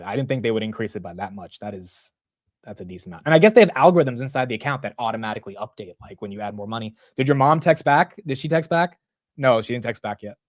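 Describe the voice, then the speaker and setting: A man in his twenties hosting a casual live market stream, rambling and excitable, often saying bro and dude. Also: fairly low pitch, dry recording. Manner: rambling with frequent restarts. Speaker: stock market livestream host.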